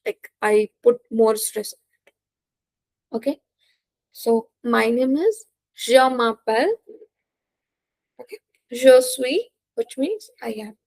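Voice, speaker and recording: A woman's voice: on the high side, expressive, slow, long pauses, dark tone, slightly rough, dry recording. A young woman teaching a beginner French lesson, patiently repeating each word and checking in with "okay?". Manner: patient, repeats words, says "okay?" often; non-native English phrasing. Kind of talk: slow beginner language lesson.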